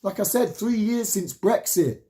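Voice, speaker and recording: A man's voice: high voice, animated, unhurried, mellow. A man in his late thirties giving a heated, swear-laden rallying monologue to camera, repeating himself for emphasis. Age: 30s. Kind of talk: impassioned spoken monologue to camera.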